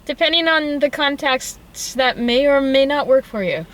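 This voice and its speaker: Bright woman, dry short replies. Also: sits high, expressive, normal speed, poor audio. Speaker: co-host. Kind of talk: casual chat.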